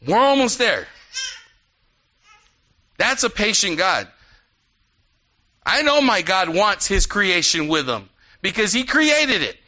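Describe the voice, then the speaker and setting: A man preaching a sermon in an animated, conversational way, with quick asides to the congregation. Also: high voice. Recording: dull lo-fi sound.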